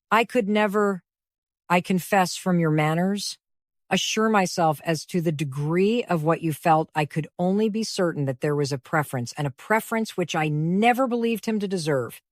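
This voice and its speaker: A woman reading the part of an earnest gentleman, speaking low and with deep feeling. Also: no room sound, clean studio sound, lightly acted. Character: earnest gentleman, older friend, tender and grave.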